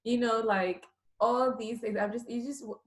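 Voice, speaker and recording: A woman's voice: on the high side, steady tone, normal speed, a little hiss or hum. A woman in her twenties, a guest in a casual chat, talking in an admiring way with many fillers. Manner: warm, admiring and full of praise, with many fillers.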